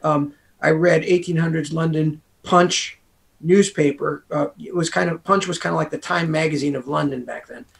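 A man's voice: on the high side, steady tone, normal speed, gravelly. An American man, a guest author, talking casually in an interview in a rambling way, full of asides. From United States.

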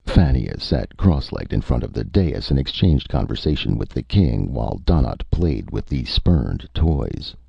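A man narrating a science fiction story in a measured, expressive audiobook manner. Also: very deep voice, creaky, husky, no room sound, lo-fi sound.

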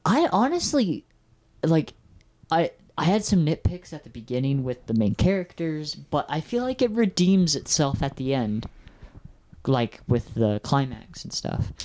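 A man's voice: fairly high pitch, big pitch swings, unhurried, darkish tone. Chatty male podcast host, casual review. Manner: rambling, filler-heavy, chatty.

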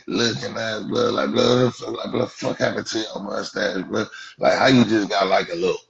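A man's voice: sits low, gravelly, a bit bright. A man hosting a livestream with a Los Angeles Black English accent, mocking callers in a profane roast, saying "blood" over and over. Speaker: livestream host. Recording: dull lo-fi stream audio.

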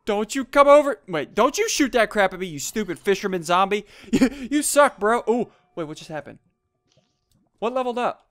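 A young man giving excitable, jumpy gameplay commentary, laughing often and yelping when startled. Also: sits high, normal speed. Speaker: gaming YouTuber. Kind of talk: Let's Play commentary.

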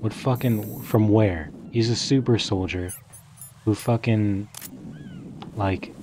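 A young man casually commentating his video game playthrough, swearing freely, laughing often and bursting into excited outbursts. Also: on the low side, slow, noisy background. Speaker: gaming streamer. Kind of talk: casual let's play commentary.

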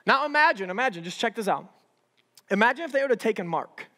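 A young man preaching to a youth group in a casual, animated way, peppered with "like" and "right?". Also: sits high, quick pace, long reverb tail. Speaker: youth pastor. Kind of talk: sermon.

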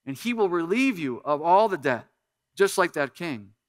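A middle-aged male pastor preaching a sermon, lively in bursts and dropping to soft, earnest appeals. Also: on the high side, normal speed, no echo, studio quality.

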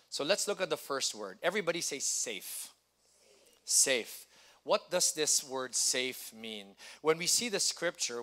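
A man's voice: fairly high pitch, sharp tone. A middle-aged man preaching a sermon, chatting with the congregation and reading scripture. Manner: conversational, interacts with the congregation. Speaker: pastor. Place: church hall.

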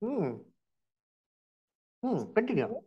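A man's voice: high-pitched, very animated, slow pace, husky, muffled recording. A man with an Indian English accent teaching a Bible lesson, firing questions and prompting answers with "huh?".

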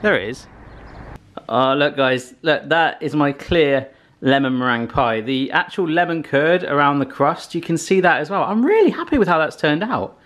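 A man's voice: on the high side, lively intonation, moderate pace, a bit bright. A man hosting a casual vlog, chatty and jokey. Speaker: vlog host.

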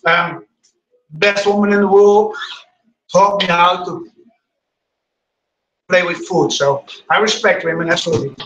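A man's voice: high-pitched, fairly even intonation, a little slow, pauses often, a bit bright, highs cut off, a little hiss or hum. Middle-aged male cooking host, chatty and rambling, recorded far off in an echoey room. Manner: chatty, rambling, addresses viewers as guys. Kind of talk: casual live cooking stream.

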